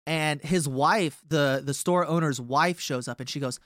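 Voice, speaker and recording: A man's voice: fairly high pitch, a little slow, fairly bright tone, no echo, clean studio sound. A young man in a band chatting casually as a guest, rambling through a story with lots of filler words. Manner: rambling, many fillers and restarts. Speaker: touring band member, guest.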